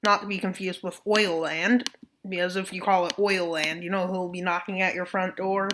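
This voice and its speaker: Against a noisy background, a woman with a lowish voice and fairly even intonation narrates a map scenario at normal speed. She keeps it casual with joking asides and playful mock voices.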